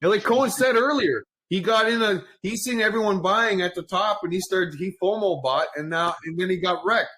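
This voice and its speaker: A man's voice: sits high, fairly quick, hardly any pauses, a bit bright, husky. A man hosting a casual crypto call, rambling and joking with frequent laughs. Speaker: host.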